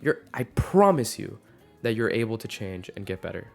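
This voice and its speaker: A man's voice: on the low side, big pitch swings, normal speed, gravelly, faint music behind. A man in his twenties ranting casually to camera, rambling with many fillers and restarts. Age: 20s. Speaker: vlogger.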